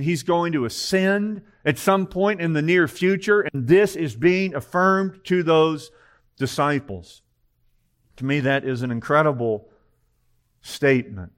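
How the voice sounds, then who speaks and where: A man's voice: fairly high pitch, a bit bright. A man preaching a conversational sermon, emphatic and full of rhetorical questions.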